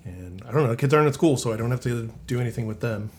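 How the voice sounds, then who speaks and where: A man hosting a podcast in a casual, laid-back chat, often trailing off into drawn-out fillers. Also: medium pitch, animated, a little mellow. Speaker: podcast host.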